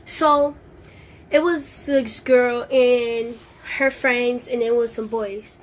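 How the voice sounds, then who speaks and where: A woman, the host's daughter, telling a story on a live video in an eager, rushed way. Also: on the high side, steady tone. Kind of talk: casual live video chat.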